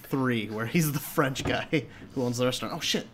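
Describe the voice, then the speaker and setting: A man's voice: mid-range voice, normal speed, fairly bright tone, a little hiss or hum. A man in casual chat, blunt and swearing freely.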